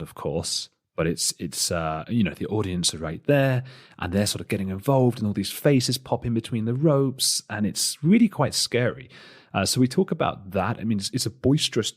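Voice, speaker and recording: A man hosting a podcast, giving a chatty, rambling solo introduction with self-deprecating asides. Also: low voice. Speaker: podcast host.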